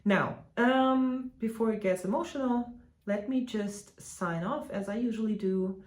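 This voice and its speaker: Stitching vlogger, woman, native German speaker, chatty and hesitant, slightly low voice, echoey room. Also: normal speed, gravelly, a little mellow. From Germany (Hanover). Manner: chatty, hesitant, many fillers and restarts. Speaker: flosstube host. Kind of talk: casual chat to camera.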